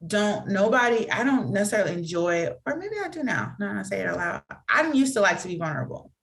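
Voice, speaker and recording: A woman guest on a podcast, speaking candidly and earnestly with lots of fillers, acting out quick quotes in an animated way as she tells stories. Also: mid-range voice, vocal fry. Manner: earnest, reflective, filler-heavy talk.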